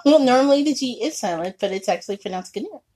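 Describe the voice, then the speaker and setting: A woman co-hosting a podcast in casual chat, laughing often and animated. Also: on the high side, a little hiss or hum. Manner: laughs often, animated, quick bursts of surprise. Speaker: podcast co-host.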